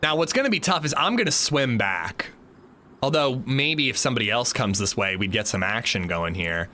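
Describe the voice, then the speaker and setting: A man's voice: medium pitch, very animated, moderate pace, sharp tone, a little hiss or hum. A man streaming a game, chatting casually and jokingly answering his chat. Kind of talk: casual livestream chat while gaming.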